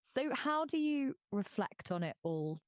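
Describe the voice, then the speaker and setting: A woman's voice: high voice, very animated, measured pace, no echo, clean studio sound. A woman interviewing a guest, sympathetic and encouraging.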